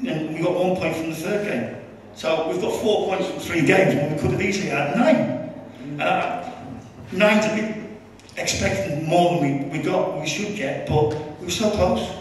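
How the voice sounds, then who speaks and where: A man, a former assistant manager, telling lively, laughing stories at a live podcast. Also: high voice, moderate pace, hardly any pauses, a little hiss or hum. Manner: animated, laughing anecdotes. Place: live event venue. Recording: roomy live hall from far off.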